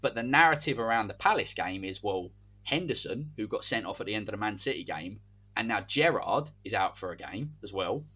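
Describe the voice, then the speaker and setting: A man co-hosting a podcast, telling a made-up sports story in animated, commentary-like casual chat. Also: on the low side, a little fast, breathy edge. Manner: animated, spins a hypothetical tale like match commentary. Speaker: podcast co-host.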